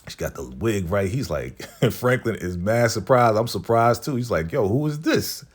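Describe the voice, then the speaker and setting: Deep-voiced man casually recapping a show. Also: lively intonation, moderate pace. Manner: laid-back slangy retelling, acting out characters' lines.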